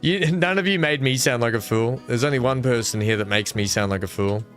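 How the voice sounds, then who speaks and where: Male game streamer, mid-pitched, casual and rambling, self-deprecating, faint music underneath. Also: a little fast, fairly bright tone. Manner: rambling, self-mocking, thinks aloud with many fillers. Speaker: streamer building a theme park in a game. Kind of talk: casual live-stream chat with viewers.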